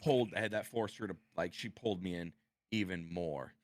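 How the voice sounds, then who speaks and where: A man, a podcast guest, talking about his past in halting sentences and often repeating his words. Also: deep voice, dry recording, studio quality. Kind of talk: personal interview conversation.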